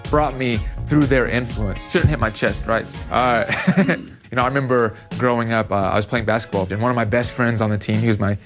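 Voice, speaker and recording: A man gives a youth sermon in a casual, conversational way and tells stories with animation. His voice sits at a middle pitch. Faint music plays underneath. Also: steady tone, fairly quick. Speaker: youth pastor.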